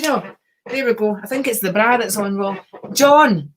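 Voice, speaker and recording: A woman's voice: fairly high pitch, normal speed, slight background noise. A woman hosting a casual livestream as a psychic reader, chatty, laughing often and greeting viewers by name.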